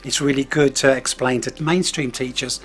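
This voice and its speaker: A man's voice: medium pitch, steady tone, normal speed, fairly bright tone. A male language support teacher explaining assessments in a matter-of-fact way. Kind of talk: interview about teaching.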